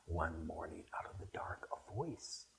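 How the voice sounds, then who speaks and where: A man's voice: low-pitched, animated, measured pace, creaky, whispered, rough recording. An older man speaking to a spiritual gathering, rambling and anecdotal, with frequent restarts as he reminisces. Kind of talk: reminiscing talk to an audience.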